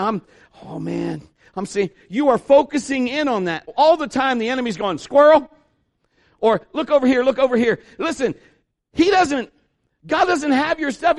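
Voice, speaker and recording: A middle-aged man preaching a sermon at a church service, telling a story with lively asides and acting out other people's voices. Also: extremely high pitch. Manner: animated storytelling, acts out voices. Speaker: pastor.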